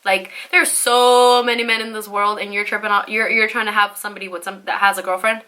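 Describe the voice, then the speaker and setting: A young woman telling a storytime vlog in a chatty, animated way, full of "like" and "you know", and swearing freely. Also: medium pitch, a little fast. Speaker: vlogger.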